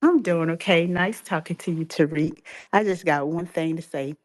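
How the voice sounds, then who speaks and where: A woman's voice: lowish voice, moderate pace. A woman calling into a live chat room, talking bluntly and crudely, with no time wasted. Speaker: caller. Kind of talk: casual call-in chat.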